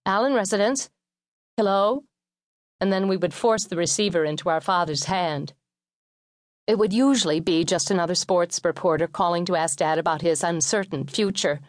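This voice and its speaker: A woman narrating a memoir audiobook in a measured, wry storytelling manner, recorded in a studio. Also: lowish voice, dry recording.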